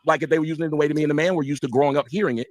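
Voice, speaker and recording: Middle-aged man, high voice, fast and insistent, dry close mic. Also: steady tone, a little mellow, dry recording. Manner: insistent, retelling his own words to prove a point. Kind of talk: heated debate.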